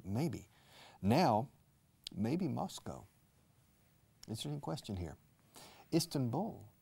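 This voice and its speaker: A low, gravelly male voice with a mellow, dark tone. He teaches English in an unhurried, chatty way. He repeats key words and keeps asking his learners questions. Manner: explains slowly, repeats words, switches to Spanish for learners. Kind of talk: casual language lesson.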